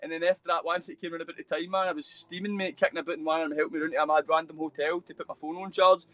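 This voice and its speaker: Fast-talking Scottish young man on a video call. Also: fairly high pitch, little pitch movement, fairly bright tone, dry recording, rough recording. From Scotland. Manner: rambling, peppered with mate and bro, swears freely. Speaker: guest. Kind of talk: casual storytelling interview.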